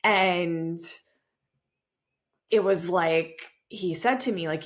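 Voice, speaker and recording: A woman in her thirties talks casually on a podcast, her speech animated and full of fillers, with the odd swear word. Her voice sits somewhat low for a woman. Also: measured pace. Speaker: podcast co-host. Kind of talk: casual conversation.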